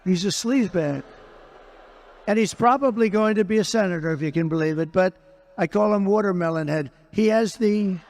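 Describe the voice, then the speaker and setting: A man's voice: high-pitched, normal speed, darkish tone. A man, a politician, answering interview questions in an emphatic, repetitive way, circling back to the same phrases. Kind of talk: unscripted interview conversation.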